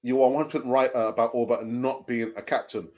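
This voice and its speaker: A man's voice: mid-range voice, little pitch movement, fast, darkish tone. A man hosting a live fan stream, reading viewer comments and arguing his views with passion, often repeating phrases for emphasis. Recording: dull lo-fi stream audio.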